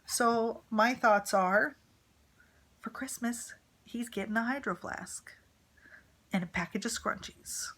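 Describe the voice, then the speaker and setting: A woman's voice: on the high side, slow, pauses often, a bit bright. A woman in her thirties, a mother vlogging to camera, telling a story in casual, rambling chat full of fillers and asides. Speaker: vlogger, mother of a teenage son.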